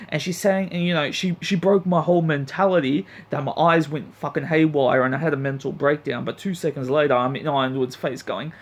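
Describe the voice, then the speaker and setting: A man's voice: a little high, fairly even intonation, normal speed. A man reviewing an anime episode in a blunt, profane, heated rant. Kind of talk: ranting review vlog.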